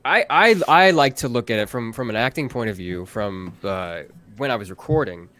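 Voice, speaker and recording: A man, a voice actor guest on a live-stream interview, talking earnestly and haltingly with many restarts. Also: medium pitch, animated, fairly bright tone.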